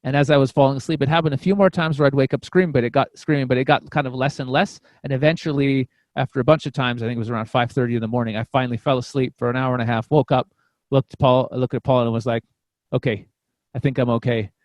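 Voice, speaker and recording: A man's voice: medium pitch, steady tone, quick pace, darkish tone, dry recording. Chatty profane man with a dry sound. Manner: rambling, profane, frequent restarts. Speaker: podcast guest, comedian. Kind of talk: casual storytelling.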